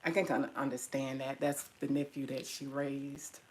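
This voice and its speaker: A woman's voice: very deep voice, flat delivery, normal speed, darkish tone, slight background noise, poor audio. A middle-aged woman tenderly reminiscing about her mother to her viewers, at times teary-eyed. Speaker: vlogger. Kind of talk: personal storytelling to viewers.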